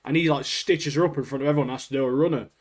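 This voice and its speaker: A man's voice: medium pitch, fairly even intonation, very fast. A man co-hosting a podcast, chatting casually, ranting animatedly and laughing often. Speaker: podcast co-host. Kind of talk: casual chat.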